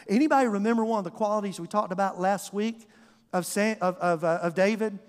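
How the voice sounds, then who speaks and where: A man's voice: high voice, fairly quick. A male pastor, preaching a storytelling sermon to his congregation and acting out the voices. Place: church sanctuary. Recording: long hall reverb.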